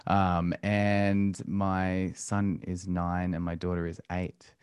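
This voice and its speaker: Deep-voiced man, hesitant. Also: level tone, slow, a little mellow, smooth, no room sound. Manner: hesitant, reflective, many ums. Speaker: podcast guest, musician and homeschooling parent. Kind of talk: casual interview talk.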